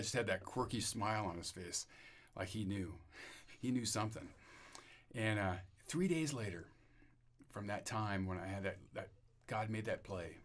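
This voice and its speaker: Man, lowish voice, rambling testimony, frequent restarts. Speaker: interview guest. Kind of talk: personal testimony.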